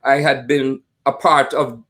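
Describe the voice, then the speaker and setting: An older man from Jamaica with a Jamaican accent, a jazz pianist telling stories of his life as an interview guest, with good humor and slow, drawn-out phrasing. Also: mid-range voice, steady tone. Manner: warm-humored, laughs often, drawn-out phrasing. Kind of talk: storytelling in conversation.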